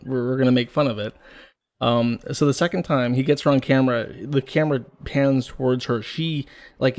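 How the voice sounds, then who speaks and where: A man giving blunt, sarcastic commentary in casual chat on a live stream. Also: medium pitch. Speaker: stream panelist.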